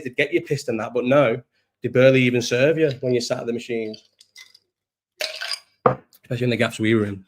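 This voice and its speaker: A young man, chatting casually and rambling on a live stream, swearing and laughing often. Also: medium pitch. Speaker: livestream host. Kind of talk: casual chat reading live chat.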